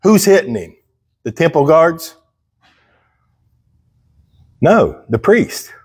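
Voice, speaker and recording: A man's voice: a little high, very animated, takes it slowly, darkish tone, slightly rough, no echo. A man preaching a sermon, reading scripture aloud and explaining it in a conversational way, with questions to the congregation. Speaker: pastor. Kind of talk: sermon, Bible teaching. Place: church.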